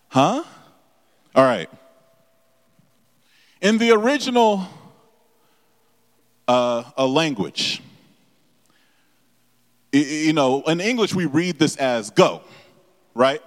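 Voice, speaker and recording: A man's voice: a little high, big pitch swings. A man preaching a sermon to his congregation, stumbling and repeating words as he explains scripture and asks the room questions. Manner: halting with many repeated words and fillers, addresses the congregation directly. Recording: long echo of a large hall.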